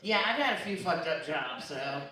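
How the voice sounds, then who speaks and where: A woman's voice: sits low, expressive, moderate pace. A young woman telling a crude, profane, self-mocking story at a live storytelling comedy show. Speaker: storyteller comic. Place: comedy bar stage. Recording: echoey room from far off, crowd noise. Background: laughing crowd.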